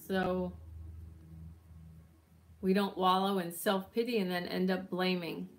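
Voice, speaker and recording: A woman leading a guided healing meditation with tapping, speaking gently and soothingly at an unhurried pace, with occasional yawns. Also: lowish voice, flat delivery.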